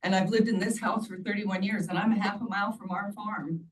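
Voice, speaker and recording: A woman's voice: mid-range voice, steady tone, a little fast. Earnest woman pleading at a hearing. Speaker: public commenter. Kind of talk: public hearing testimony. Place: county meeting room. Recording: distant mic, faint background noise.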